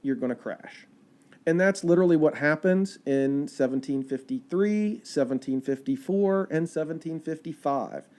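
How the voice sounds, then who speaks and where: A man, a park ranger guest, telling history in a chatty, animated storytelling way. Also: a little high, moderate pace. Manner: animated, chatty storyteller with fillers and quoted asides.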